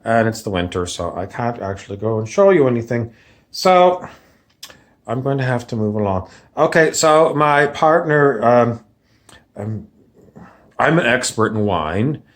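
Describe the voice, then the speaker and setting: Sketch: man as a snobbish fake golf-and-wine know-it-all, slow and assured. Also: mid-range voice, animated, close to an everyday voice. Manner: mock-confident, snobbish. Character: pompous would-be golf and wine expert, grown man. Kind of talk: comedy sketch character.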